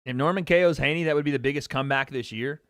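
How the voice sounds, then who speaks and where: A young man hosting a live watch-party stream, chatting casually and excitably, swearing freely as he reacts. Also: mid-range voice, rapid-fire, dry recording, studio quality. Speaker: livestream host.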